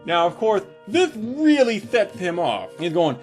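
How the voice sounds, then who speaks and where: A man telling crude comedic stories in an animated monologue, landing punchlines deadpan. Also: sits high, measured pace, few pauses, faint music behind. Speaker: comedic storyteller.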